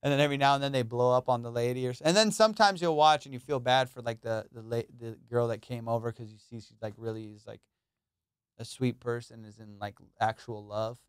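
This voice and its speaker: A man hosting a comedy podcast, telling stories in a profane, animated way. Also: medium pitch, fairly quick, clear, resonant tone, no echo, clean studio sound. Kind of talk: casual podcast chat.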